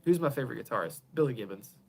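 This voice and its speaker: In his home garage, a man who builds pedals runs a casual live stream, answering viewers in a rambling fashion. His medium-pitched, gravelly voice is animated and very fast, and he often chuckles and lets thoughts trail off quietly.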